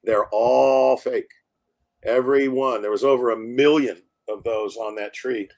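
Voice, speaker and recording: Brief: male guest, storyteller, lively quoted voices, frequent laughter, average pitch. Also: a little slow, vocal fry. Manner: animated storyteller acting out quotes, laughs often. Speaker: film director guest. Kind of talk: storytelling in a live interview. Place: live online stream.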